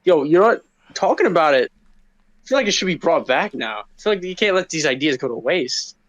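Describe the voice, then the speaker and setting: A man's voice: on the high side, big pitch swings, brisk, fairly bright tone, no echo, lo-fi sound. A man co-hosting a podcast, chatting loosely and jokingly with lots of fillers. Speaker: podcast co-host. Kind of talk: casual podcast chat.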